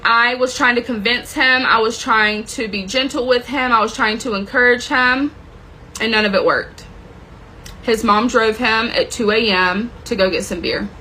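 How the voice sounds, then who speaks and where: Speaking to camera, a woman tells a dramatic personal story, intense and emotional, with plenty of swearing. Her voice is on the high side and sharp at normal speed, on poor audio with a little hiss or hum.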